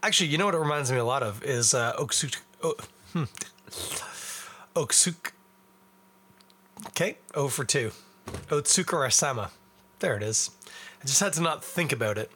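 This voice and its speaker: Bright-voiced Canadian man, rambling podcast chat. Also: mid-range voice, expressive, fast talker. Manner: rambling, self-deprecating, chatty while eating and drinking. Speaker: podcast host. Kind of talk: casual solo podcast chat.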